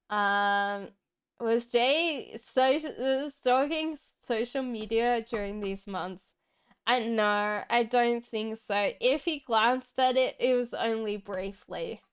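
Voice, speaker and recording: Slow, smooth-voiced woman reading tarot. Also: fairly high pitch. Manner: chatty and reassuring, laughs often; talks straight to viewers in chat. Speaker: tarot reader. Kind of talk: casual live-stream card reading.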